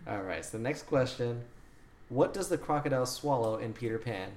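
A man's voice: medium pitch, expressive, brisk, darkish tone. A man hosting a casual quiz among friends, laid-back and cursing offhand. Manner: laid-back, swears casually, laughs while asking. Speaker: quiz host. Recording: echoey room, faint noise.

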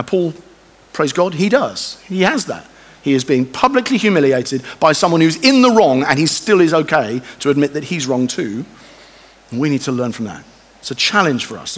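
Lively male preacher in a reverberant church. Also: on the high side. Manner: animated, conversational, acts out quoted voices. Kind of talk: sermon.

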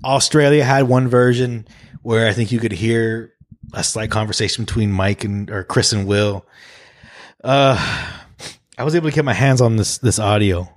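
A man's voice: on the low side, normal speed, no room sound. A man hosting a casual podcast, laid-back and profane, often restarting his sentences. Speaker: podcast host.

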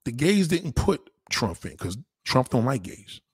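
Profane, animated New man ranting. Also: measured pace, husky, no echo, studio quality. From New York. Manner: profane, animated, swinging pitch. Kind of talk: casual rant.

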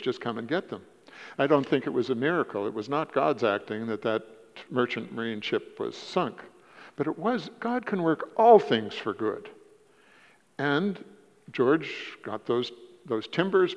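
A guest preacher tells stories during a sermon in a church sanctuary, speaking haltingly, repeating words and rising in pitch for emphasis. The lo-fi church recording is dull, with long reverb.

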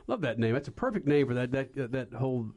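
A man's voice: medium pitch, sing-song, moderate pace, darkish tone. A man hosting a motorsports radio talk show, brash and joking, stuffed up with a head cold.

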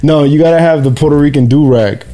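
A man's voice: on the high side, fast, dark tone, faint music behind. A man hosting a podcast, chatting casually and joking while he tells a story, laughing often. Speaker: podcast host. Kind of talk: casual chat.

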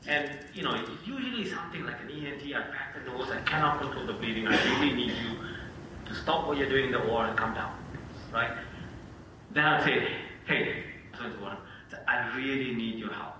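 A man talks shop as a physician in a loose podcast chat, and he acts out his phone calls as he tells them. His voice is very bright and sharp. He sits back from the mic in a strongly echoing room with faint noise behind. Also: medium pitch, animated, fairly quick, distant mic. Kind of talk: casual podcast discussion.

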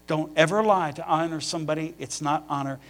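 A middle-aged man, a pastor, preaching a sermon through personal storytelling that rises to animated emphasis. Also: a little high, a little fast.

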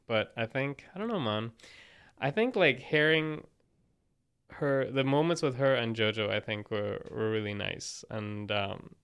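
A young man in a casual movie chat, rambling with many fillers and getting animated when quoting scenes. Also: mid-range voice, a little slow, clean tone. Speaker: podcast co-host.

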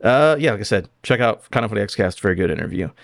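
A man's voice: fairly low pitch, expressive, fast, gravelly, no room sound, clean studio sound. A man co-hosting a podcast, rambling casually and acting out quotes. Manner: rambling, acts out quotes, says "like" often. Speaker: podcast co-host. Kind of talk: casual chat.

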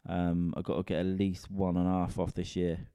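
Deep sweary man ranting casually. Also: completely flat delivery, moderate pace, warm tone, clear, resonant tone, no echo, studio quality. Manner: rambling, sweary, self-mocking. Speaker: comedian and podcast host. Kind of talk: casual solo rant.

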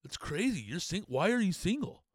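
Profane, animated male podcast host. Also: high voice, normal speed, husky, dry recording, studio quality. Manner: profane, animated, mock-stammering. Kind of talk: crude comedic rant.

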